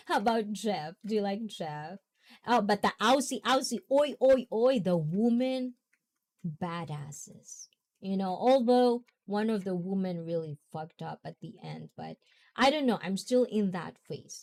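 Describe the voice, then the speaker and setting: A young woman speaks in an easygoing, rambling way, laughing often as she hosts a casual talk. Her voice is soft and mellow in tone. She takes her time and never rushes. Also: lowish voice, expressive, gravelly. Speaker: host.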